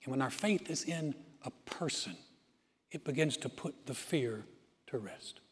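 A male pastor preaching a sermon in a church auditorium, telling stories earnestly and dropping to soft, quiet phrases. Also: medium pitch, animated, breathy edge. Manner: earnest storytelling with dramatic pauses, softening to near-whisper. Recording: reverberant hall with music behind.

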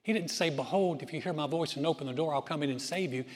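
A man's voice: on the high side, fast. A man preaching a sermon as pastor, earnest and conversational with emphatic bursts. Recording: long church-hall reverb.

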